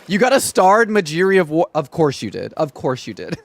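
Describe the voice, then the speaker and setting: A young man streaming a game, chatting casually in an excitable, dramatic and sarcastic way. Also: high voice. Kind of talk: casual gaming livestream chat.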